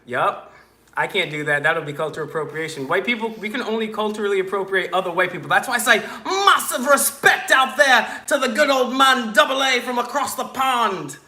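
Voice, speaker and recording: Man, livestream host, casual rambling talk, bright tone, roomy echo. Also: high-pitched, lively intonation, a little fast. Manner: joking, rambling, loose and crude.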